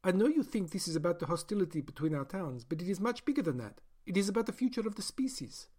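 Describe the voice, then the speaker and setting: A man's voice: sits high, very animated, quick pace, a little mellow, breathy edge, pitched above the performer's own voice, heavily acted. A man doing a prim, falsely sweet woman scientist. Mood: insistent. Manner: prim, clipped and falsely friendly. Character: brisk, coldly polite woman scientist, middle-aged.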